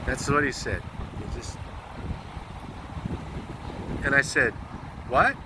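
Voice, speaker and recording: A man's voice: medium pitch, slow, noisy background. An American man telling a moving story in a vlog, earnest and close to tears, swearing bluntly. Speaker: truck driver vlogger.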